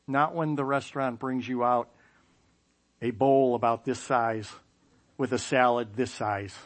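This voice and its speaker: A man telling a personal story with self-mocking humor, lively sound effects and playful asides. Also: medium pitch, unhurried. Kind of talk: personal anecdote.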